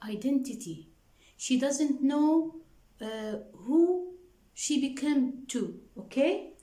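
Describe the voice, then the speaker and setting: A woman teaching an English workbook lesson with an Arabic accent, slowly repeating answers and prompting the class with questions. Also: high voice, echoey room, poor audio. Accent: Arabic-speaking. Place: classroom with a board.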